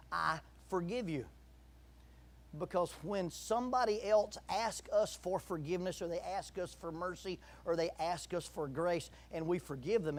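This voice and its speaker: Emphatic middle-aged male preacher with a high, light voice; sermon in a church, repeats his key lines for effect. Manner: emphatic, repeats key phrases, leads congregation in call-and-response.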